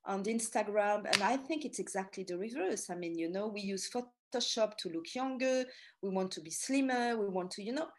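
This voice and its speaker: A middle-aged woman from France with a French accent, telling stories in an animated, chatty presentation full of asides. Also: fairly high pitch. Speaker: tour guide giving a talk. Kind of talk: storytelling presentation.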